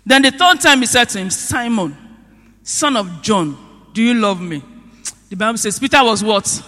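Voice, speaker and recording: High, bright-voiced man preaching in a hall. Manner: storytelling, rhetorical questions, bursts of rising emphasis. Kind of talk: sermon. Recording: long reverb of a large hall.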